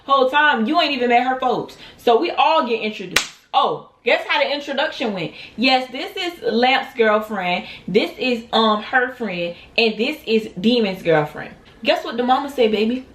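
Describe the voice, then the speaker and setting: A woman's voice: sits high, animated, normal speed, fairly bright tone. A young woman, telling a dramatic storytime straight to her viewers and acting out what people said. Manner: dramatic, talks straight to viewers, acts out quotes. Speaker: storytime vlogger. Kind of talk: animated storytime vlog. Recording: roomy echo.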